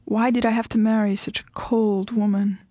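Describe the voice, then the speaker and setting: A woman voicing a heartbroken husband who pleads slowly, his voice cracking with tears. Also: fairly high pitch, fairly even intonation, dark tone, no echo, close to an everyday voice. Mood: tearful. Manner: slow, tearful, cracking.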